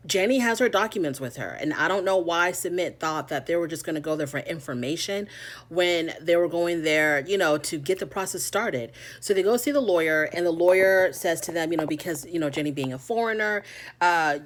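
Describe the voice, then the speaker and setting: A woman hosting a casual reality TV recap, chatty and retelling scenes in quick quoted voices with many fillers. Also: on the low side.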